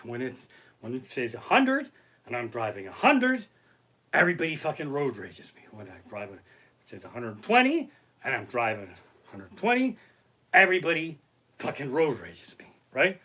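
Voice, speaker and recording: A male comedian telling profane, animated stories on a live stream from his living room. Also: mid-range voice, moderate pace. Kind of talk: stand-up storytelling on a live stream. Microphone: basic home setup.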